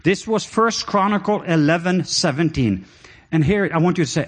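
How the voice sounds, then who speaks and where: A middle-aged man with a Norwegian accent preaching a sermon, animated with laughing asides and dropping to soft, intimate tones. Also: fairly high pitch, moderate pace, breathy edge.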